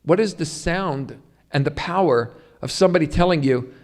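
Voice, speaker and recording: A man's voice: on the high side, normal speed. A middle-aged man giving a public Ayurveda lecture, speaking to the audience in a string of emphatic rhetorical questions. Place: yoga center hall.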